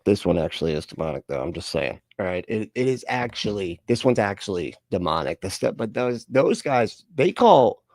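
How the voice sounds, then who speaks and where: A man's voice: on the low side, darkish tone, dry recording, studio quality. A man hosting a live reaction stream, sarcastic and laughing through his jokey asides.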